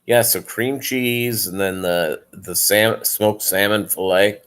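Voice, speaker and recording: A man's voice: lowish voice, fairly even intonation, takes it slowly, fairly bright tone, smooth. A tired man hosting a casual livestream, rambling with lots of fillers while he chats with viewers. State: tired, yawning. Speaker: livestream host.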